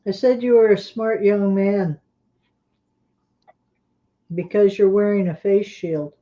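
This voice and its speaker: A woman co-hosting a livestream, relaxed and friendly, reading out viewer comments. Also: medium pitch, takes it slowly. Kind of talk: casual livestream chat. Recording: dull lo-fi remote audio.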